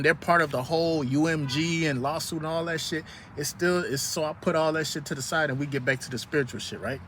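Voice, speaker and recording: A man's voice: fairly high pitch, sharp tone, slight background noise. A man vlogging outdoors in the sun, giving a profane, preachy motivational rant with lots of repetition.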